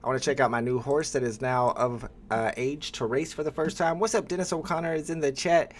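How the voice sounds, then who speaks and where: A man hosting a live stream, chatting casually with viewers and pausing often with "uh" as he talks. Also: medium pitch, a little hiss or hum. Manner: relaxed, chatty, with frequent "uh" pauses.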